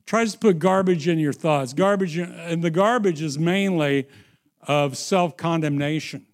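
A man preaching a sermon, slow and emphatic, dropping into hushed storytelling and rising again for emphasis. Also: a little high. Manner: slow, emphatic, swings into sung and shouted phrases.

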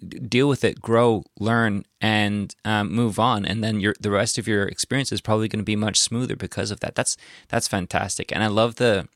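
Host: low, gravelly man, measured and encouraging. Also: steady tone, fairly bright tone, no room sound, clean studio sound. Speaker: podcast host. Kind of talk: interview conversation.

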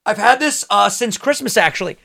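A young man co-hosting a casual podcast, excitable and profane, with loud bursts when he gets worked up. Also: high-pitched, brisk, gravelly. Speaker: podcast co-host. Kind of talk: casual chat.

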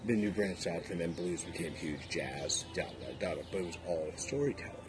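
A man's voice: low-pitched, a little fast. A man in casual chat, emphatic and opinionated, swearing freely. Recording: background noise.

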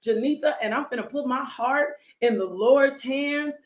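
A woman preaching with a high, bright-pitched voice. She drives her sermon with fervent call-and-response and sudden whoops. She calls out to members of her congregation by name. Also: measured pace.

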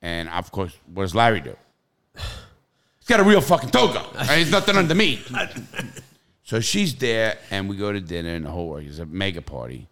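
A middle-aged man telling profane, animated stories in casual podcast chat, with loud bursts. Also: low voice, moderate pace.

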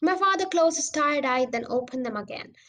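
A woman narrating a children's novel aloud for a podcast, with a steady, expressive reading. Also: high voice, brisk, low-quality recording. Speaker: podcast audiobook reader. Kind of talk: storybook narration.

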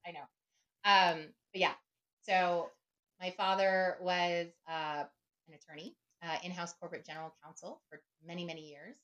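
A woman's voice: on the low side, fairly even intonation, normal speed, a bit bright. A middle-aged woman speaking as a podcast guest, reflective and conversational, often checking in with "right?" and "you know". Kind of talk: conversational interview.

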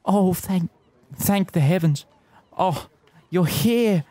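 A man's voice: high-pitched, takes it slowly, warm tone, no room sound, voice pushed up. A man doing a gushing, lovesick young suitor. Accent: put-on Kiwi. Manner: breathless, gushing, sighing.

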